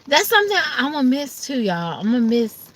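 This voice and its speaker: A woman's voice: high voice, sing-song, moderate pace, fairly bright tone. A woman chatting casually to her viewers, sleepy and ready for bed, acting out her family's voices now and then. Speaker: vlogger. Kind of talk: casual chat to camera.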